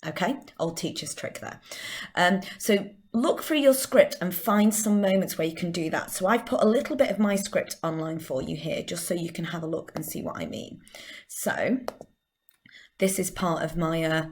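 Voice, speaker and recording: A middle-aged woman teaching drama, leading a vocal warm-up with clear, encouraging instructions. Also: lowish voice, moderate pace, slight background noise. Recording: echoey room.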